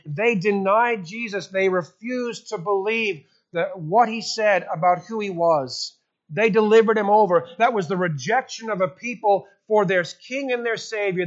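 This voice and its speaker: A man's voice: high voice, moderate pace, dull audio. A male pastor preaching a sermon in an emphatic style, asking rhetorical questions.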